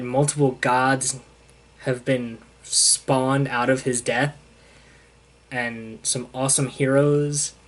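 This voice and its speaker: Retelling scenes from a comic, a young male reviewer keeps slipping in "he's like" paraphrases of what the characters say. It's a casual recap in a medium-pitched, slightly bright voice.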